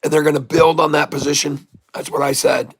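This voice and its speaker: A man hosting a live day-trading stream, hoarse from long hours of talking, who coaches viewers in a folksy way, repeats his instructions and keeps calling them folks. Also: on the high side, flat delivery, fairly quick. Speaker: day-trading livestream host. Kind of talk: live trading commentary to chat.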